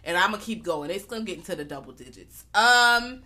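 Woman on a podcast going off about a movie, bright voice, loud and swearing, does little voices for the characters. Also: medium pitch, brisk. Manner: animated, profane, acts out characters. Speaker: podcast co-host. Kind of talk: casual film recap chat.

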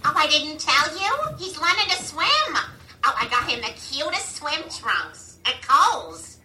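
Cartoon mom, gossipy phone chatter, high voice, very bright, echoey, far from mic. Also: female voice, big pitch swings, measured pace, heavily acted. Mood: gabbing. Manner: gushing, talkative, breezy. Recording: cartoon audio played in a room, roomy and distant.

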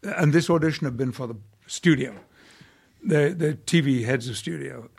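An older man, an actor, telling stories in an interview with measured, wry delivery and a gravelly, husky voice. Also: medium pitch, a little mellow. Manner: measured storytelling with wry laughs. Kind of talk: conversational anecdotes.

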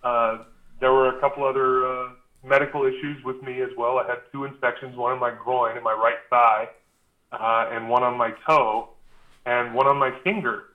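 A man's voice: mid-range voice, little pitch movement, normal speed, phone-quality sound. A man as a podcast guest, telling a long anecdote in a casual, rambling way with lots of fillers and restarts. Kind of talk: casual storytelling.

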